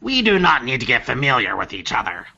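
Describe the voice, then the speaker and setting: A man's voice: mid-range voice, wildly swooping pitch, quick pace, creaky, pushed and bright, breathy edge, dull audio, exaggerated voice. A man voicing a stern old orc woman who leads an order, speaking curtly and coldly in a tabletop game. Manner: curt, cold, aloof.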